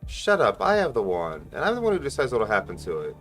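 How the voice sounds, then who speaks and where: A man voicing a fed-up young man who shouts contemptuous threats while holding a wand. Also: medium pitch, big pitch swings, fairly quick, soft background music, voice pushed up. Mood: furious.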